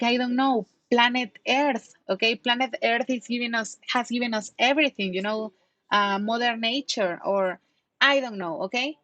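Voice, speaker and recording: Here a patient woman from Mexico teaches English online, walking through words and questioning her students in a fairly high, slightly bright voice. The close-miked, dry audio has a lo-fi quality and no room sound at all.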